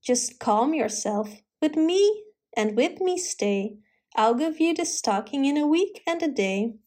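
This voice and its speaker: A woman's voice: sits high, animated, measured pace, a little mellow. A woman voicing a kindly old mother bear who sings rhyming knitting chants. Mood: soothing. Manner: sing-song rhyming chant.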